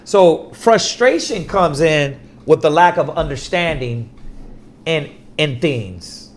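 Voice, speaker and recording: A man preaching in a casual, animated storytelling manner, often laughing and dropping to a soft voice when quoting people. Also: fairly high pitch, slow pace. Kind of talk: casual religious teaching.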